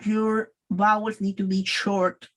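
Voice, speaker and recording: A woman whose first language is Spanish guides beginners through a lesson at an unhurried, deliberate pace. She models each phrase carefully and repeats it for learners to copy. Her voice sits at a middle pitch. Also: little pitch movement, fairly bright tone, low-quality recording. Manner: patient, repeats and models phrases slowly, switches between English and Spanish. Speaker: Spanish teacher.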